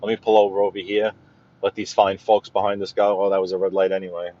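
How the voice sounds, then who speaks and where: A man's voice: low voice, monotone, fast talker, warm tone, lo-fi sound. A man from Brooklyn with a New York accent, chatting casually with livestream viewers while he drives through the city. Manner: chatty, rambling, greets viewers by name. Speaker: livestream driving host. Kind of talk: casual live-stream chat while driving. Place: inside a car in city traffic.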